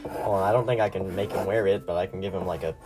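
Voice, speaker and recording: A man's voice: deep voice, fairly even intonation, quick pace. A young man chatting casually on a livestream while he draws, rambling and laughing at himself. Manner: rambling, giggly, self-deprecating. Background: background music.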